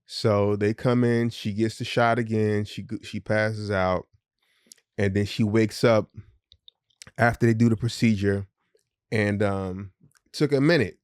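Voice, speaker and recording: A man's voice: on the low side, steady tone, unhurried, long pauses, smooth, no room sound, clean studio sound. A middle-aged man co-hosting a podcast, candidly telling a personal story in casual, profane speech and acting out the voices of the people in it. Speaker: podcast co-host.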